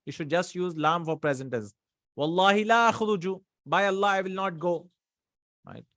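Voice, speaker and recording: Fast-talking man teaching grammar. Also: sits high, fairly bright tone, no room sound, clean studio sound. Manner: quick explaining with frequent checks like "right?" and "hmm?". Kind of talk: recorded online lesson.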